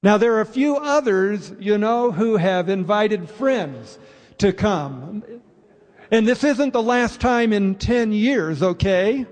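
A man preaching a sermon as pastor, speaking earnestly and explaining with pauses. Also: high-pitched, expressive, darkish tone. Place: church sanctuary. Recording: reverberant church hall.

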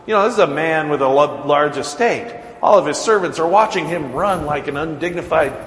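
A male pastor preaches in a loose, chatty way, joking and chuckling with his listeners. His voice sits a little high, and it carries with a long reverb through an echoey church sanctuary. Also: a bit bright, a little hiss or hum. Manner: conversational and joking, laughs often. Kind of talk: sermon.

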